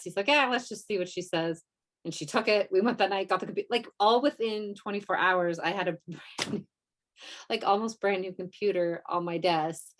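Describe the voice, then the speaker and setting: A woman co-hosting a podcast, telling a story in a casual, rambling way with lots of fillers and quoted asides. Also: lowish voice. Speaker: podcast co-host. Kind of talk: casual chat.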